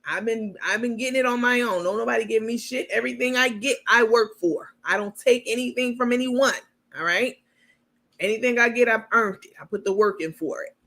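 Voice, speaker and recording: Bright-voiced woman host chatting candidly. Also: a little high. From New York. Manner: candid, bragging, uses baby and y'all. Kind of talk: casual commentary to viewers.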